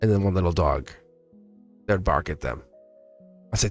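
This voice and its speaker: A man's voice: sits low, normal speed, soft background music. A man giving a casual live-stream tarot reading. He rambles, laughs often, and chats directly with his viewers. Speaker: tarot reader.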